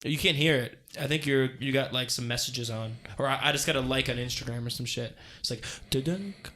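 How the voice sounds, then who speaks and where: A man's voice: medium pitch, steady tone, brisk, bright, forceful tone. A young man co-hosting a casual podcast chat, laughing often and swearing casually. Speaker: podcast co-host.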